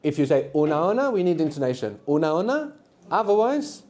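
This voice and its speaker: A man's voice: fairly high pitch, sing-song, brisk, warm tone. A man teaching a live beginners' language workshop, patiently explaining and prompting students to answer.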